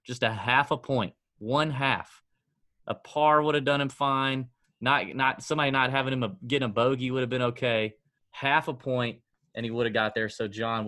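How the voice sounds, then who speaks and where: A man's voice: medium pitch, pushed and bright, no room sound. A man hosting a casual sports-betting podcast, joking and self-mocking as he chats with his co-host.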